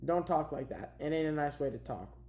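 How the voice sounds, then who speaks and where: A man's voice: fairly high pitch, lively intonation, fairly quick, creaky, a little mellow. A man voicing a tough, tired farm mother who speaks firmly in rural talk, recorded in an echoey room. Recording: roomy echo.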